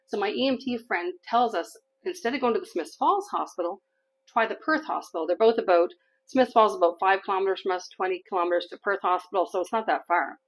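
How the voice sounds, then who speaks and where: A woman's voice: medium pitch, fast, poor audio. A middle-aged woman from Canada, telling a personal story to camera in a candid, chatty way and laughing now and then. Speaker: vlogger.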